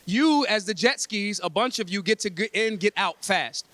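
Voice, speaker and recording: A man's voice: high voice, animated, moderate pace, a bit bright, dry recording. A man from Philadelphia addressing a convention breakfast, talking in an emphatic, streetwise, freely swearing way. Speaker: convention speaker. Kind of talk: blunt, profane talk to a room.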